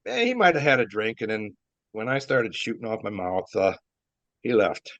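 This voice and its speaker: An older man who used to wrestle tells rambling stories full of chuckles, fillers and restarts. His lowish voice is very animated and a bit bright, at a moderate pace. The lo-fi recording is dull and dry with no room sound.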